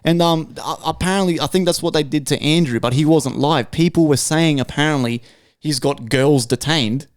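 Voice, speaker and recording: A man's voice: a little high, moderate pace, no room sound, studio quality. A man hosting a podcast, ranting in a casual, swear-heavy way with many restarts. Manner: swearing, rambling rant with restarts. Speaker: podcast host.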